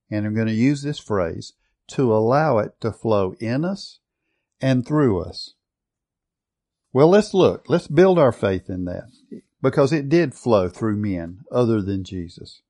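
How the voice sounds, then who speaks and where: A man preaching a sermon, emphatic, stretching out key words and often changing his loudness. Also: medium pitch.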